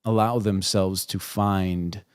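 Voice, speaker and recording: A man's voice: deep voice, steady tone, slow, darkish tone, smooth, no room sound, studio quality. A man hosting a podcast interview, talking in a thoughtful and affirming way. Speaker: podcast host. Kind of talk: casual interview.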